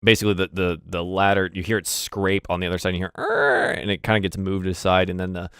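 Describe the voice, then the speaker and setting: A man's voice: low voice, little pitch movement, fast, a bit bright, clear, resonant tone, no room sound, clean studio sound. A man narrating as game master, rambling with many fillers and restarts.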